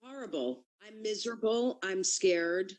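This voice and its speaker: A woman's voice: mid-range voice, lively intonation, unhurried, a little mellow. A woman comedian talking blunt and self-mocking in a casual radio chat. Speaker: comedian guest. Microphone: studio mic.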